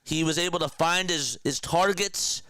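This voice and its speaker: Excited, emotional young male livestream host. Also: a little high, normal speed, dry recording. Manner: excited, emotional, talks to chat. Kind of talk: casual livestream chat.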